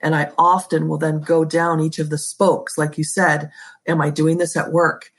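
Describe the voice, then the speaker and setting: A woman's voice: deep voice, flat delivery, moderate pace. A woman guest talking as an educator and school leader in a podcast interview, emphatic and passionate, with pet phrases she repeats.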